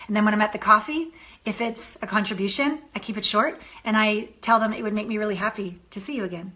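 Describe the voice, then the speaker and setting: A woman dating coach giving an animated coaching talk to a course member, acting out the voices in her stories. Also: mid-range voice, fast talker.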